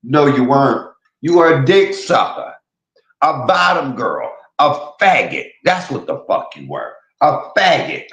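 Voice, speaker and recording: A man's voice: medium pitch, very animated, unhurried, a bit bright, echoey room, rough recording. A man hosting a stream, delivering a vulgar roast rant full of repeated taunts and insults. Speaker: streamer host.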